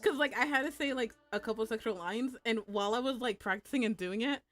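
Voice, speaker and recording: Speaking at a quick pace in a slightly high, bright voice, a young adult woman streams her drawing session with faint music behind. This VTuber streamer chats crudely and casually with viewers, often breaking into laughs and squeals.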